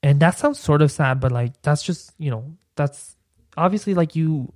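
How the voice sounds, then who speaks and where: A man's voice: fairly high pitch, normal speed, dry recording, studio quality. A young man, a podcast host, telling a personal story in a casual, rambling way and filling his speech with "like". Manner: rambling, heavy use of "like" as filler.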